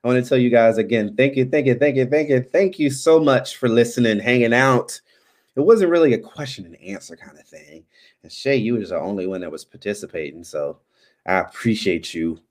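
A man's voice: medium pitch, brisk. A man hosting a live stream, chatting loosely as he signs off, with many ums and restarts. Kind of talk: casual live stream sign-off chat.

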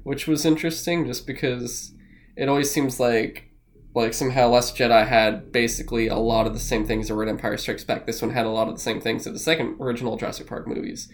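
Excitable male co-host, rambles, curses freely, casual podcast chat. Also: mid-range voice, quick pace, a little hiss or hum. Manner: rambling, excitable, swears often.

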